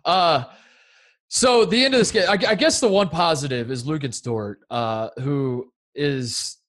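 A man co-hosting a casual sports chat, excitable and laughing as he acts out coaches' rants. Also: fairly high pitch, unhurried. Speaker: co-host.

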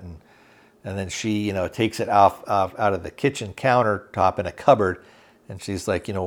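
Male podcast host, slightly low voice, loose and halting plot recap. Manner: rambling, halting, many fillers, acts out quotes loosely. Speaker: podcast host reviewing a TV series. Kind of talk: casual recap, plot retelling.

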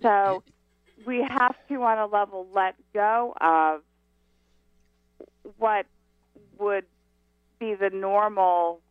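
A woman guest on a talk radio show calls in and explains spiritual ideas at an unhurried pace. She stresses her key words and lets her phrases land one by one. Her voice comes through a narrow, tinny phone line with a dry, close sound. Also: mid-range voice, clear, resonant tone, dry recording. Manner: slow, emphatic teaching. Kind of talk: radio interview.

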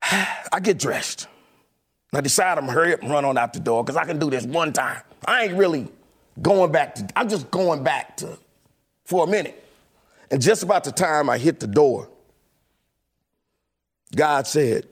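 A man with a fairly high-pitched voice tells a personal story about his years as a club DJ. He talks in a loose, casual way and acts out the voices of the people he quotes. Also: lively intonation, normal speed, husky.

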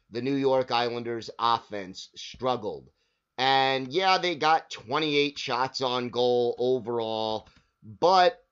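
A man hosting a sports podcast, talking casually and filling pauses with "uh" and "you know." His voice sits at an ordinary middle pitch. The recording sounds slightly dull and lo-fi. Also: fairly bright tone. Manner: conversational, frequent "uh" and "you know". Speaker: podcast host.

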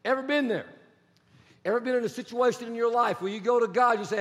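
A male pastor with a strikingly high voice delivers a sermon. He is animated and often slips into acted-out dialogue. A long hall reverb trails behind his words. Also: quick pace. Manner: animated, acts out quoted dialogue.

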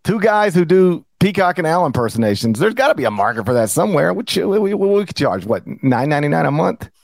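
A middle-aged man co-hosting a sports podcast, talking in a playful, rambling, animated way. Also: on the high side, quick pace, vocal fry, no room sound. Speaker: podcast co-host. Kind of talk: casual sports podcast banter.

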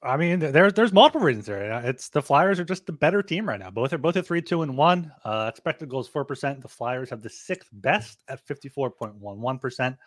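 A man's voice: mid-range voice, lively intonation, no room sound. Dry-sounding man breaking down a game. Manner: halting, repeats words when starting. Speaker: podcast co-host. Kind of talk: casual sports betting chat.

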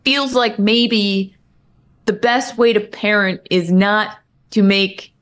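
A woman's voice: mid-range voice, slow, fairly bright tone. Sarcastic woman in casual sports chat. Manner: sarcastic, opinionated. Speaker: co-host.

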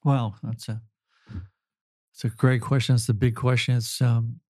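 Older male counselor, emotional and earnest, mellow dry voice. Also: medium pitch, little pitch movement, no room sound. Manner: earnest, halting, apologetic. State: choked up with emotion. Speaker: family counselor. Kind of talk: emotional interview answer.

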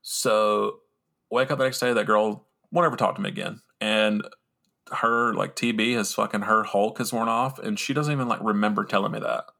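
Mocking himself and cursing freely, a young man meanders through a story on his podcast in a loose, casual manner with many restarts and fillers. His low, gravelly-fry voice has a bright, forward edge, fairly even intonation and a moderate pace.

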